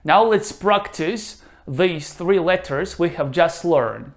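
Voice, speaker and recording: A man teaching a reading lesson, pronouncing each word slowly and leaving gaps for the listener to repeat. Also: on the high side, animated. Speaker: Russian language teacher. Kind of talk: slow, careful language lesson.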